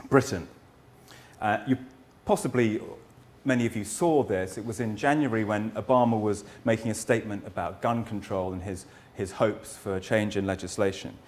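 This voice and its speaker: A middle-aged academic historian with a voice on the low side lectures thoughtfully and earnestly. Rhetorical questions punctuate his talk, and he frequently pauses to begin sentences anew.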